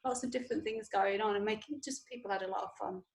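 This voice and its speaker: A woman's voice: mid-range voice, fast talker. A woman guest in a casual chat, laughing often and talking with enthusiasm.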